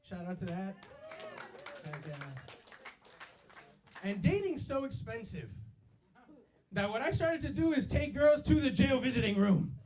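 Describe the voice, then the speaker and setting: A young man doing a stand-up set on a club stage, talking into a handheld mic. His voice sits high and bounces all over the place. He keeps it loose and slangy, dropping yo and baby between lines. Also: sing-song, measured pace, pauses often, a little mellow. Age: 20s. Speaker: stand-up comedian.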